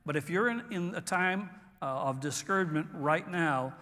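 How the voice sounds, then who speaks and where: A man preaching a sermon as pastor, earnest, pausing and restarting as he talks. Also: fairly high pitch, sharp tone, big-room sound. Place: church sanctuary.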